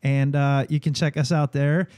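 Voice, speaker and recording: Male podcast host, friendly, mellow tone, dry close mic. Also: a little high, flat delivery, moderate pace, no room sound. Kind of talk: casual interview chat.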